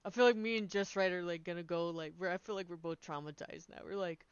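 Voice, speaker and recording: Excitable woman streamer, slightly muffled. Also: fairly low pitch, fast talker, smooth, dry recording. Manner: excitable, swears casually, laughs often, trails off mid-sentence. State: sniffly nose. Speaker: game streamer. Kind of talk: casual gameplay stream chat. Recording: slightly dull lo-fi sound with faint game music.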